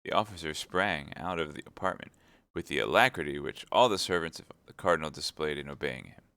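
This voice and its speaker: A man reading a novel aloud with steady, plain narration. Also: rumbling low, a little fast, no room sound. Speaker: audiobook reader.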